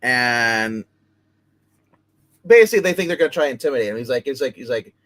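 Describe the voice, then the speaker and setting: A man's voice: mid-range voice, lively intonation, a little fast, fairly bright tone. Rambling man recapping comics. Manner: rambling recaps with many fillers and restarts. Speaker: comic book reviewer. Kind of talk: casual live review chat.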